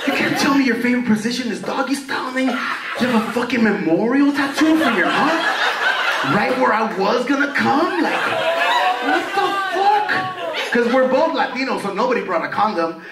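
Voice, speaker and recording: A man doing a stand-up comedy set in a club, telling a crude story with animated, acted-out reactions. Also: very high-pitched, a little fast, recorded from a distance, very noisy. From Southern California. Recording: roomy club sound from off-mic, loud crowd. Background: audience laughter.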